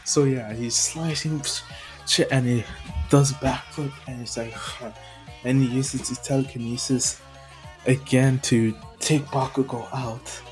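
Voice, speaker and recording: Male storyteller, unhurried, rambling, sighs and restarts, faint music bed. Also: mid-range voice, steady tone, a little mellow. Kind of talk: casual retelling of a fan story.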